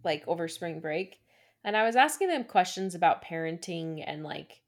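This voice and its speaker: A woman's voice: fairly low pitch, lively intonation, moderate pace. A woman in her twenties co-hosting a podcast, chatting casually and teasing her co-host in a playful way. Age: 20s. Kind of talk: casual chat.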